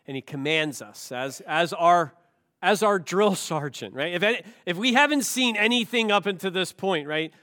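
A male pastor preaching a sermon. He asks rhetorical questions and swings between hushed, slow lines and loud, emphatic ones. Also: high voice, animated.

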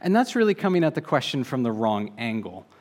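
A man preaching a sermon in an earnest, measured way, slowing down to stress key phrases. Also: medium pitch, very animated, darkish tone.

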